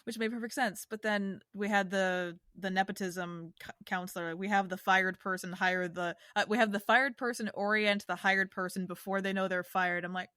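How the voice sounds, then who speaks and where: A woman's voice: medium pitch, fairly even intonation, normal speed, hardly any pauses, bright, forceful tone, dry recording, studio quality. A woman from the New York area co-hosting a podcast, chatting animatedly with frequent restarts and laughs. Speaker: podcast co-host. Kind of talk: casual chat.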